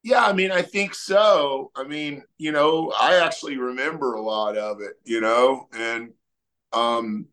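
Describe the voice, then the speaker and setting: A middle-aged man, a musician talking casually in an interview and telling stories loosely with many fillers. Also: mid-range voice. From Texas. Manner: relaxed storytelling, many fillers. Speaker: musician guest.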